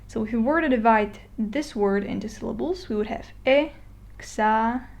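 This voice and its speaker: A woman's voice: on the high side, a little fast, creaky. A woman explaining a language lesson step by step, patient and plain, with casual fillers and recaps. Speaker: Spanish teacher.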